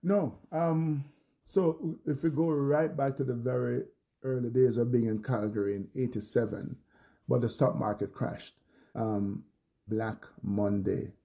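An older man with a Jamaican accent telling his own story in an interview, animated and acting out his shouts. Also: mid-range voice, a little slow, vocal fry. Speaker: interview guest.

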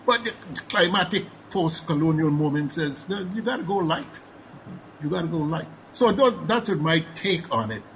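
A man's voice: on the high side, fairly bright tone, slight background noise, low-quality recording. A man with a Guyanese accent, a panelist speaking thoughtfully with many fillers and restarts. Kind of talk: panel discussion.

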